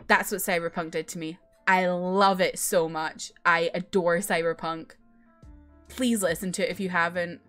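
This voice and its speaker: A young woman casually chatting as she ranks her favorite songs, rambling and gushing with lots of fillers and restarts. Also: mid-range voice. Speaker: K-pop video creator. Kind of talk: casual chat ranking songs.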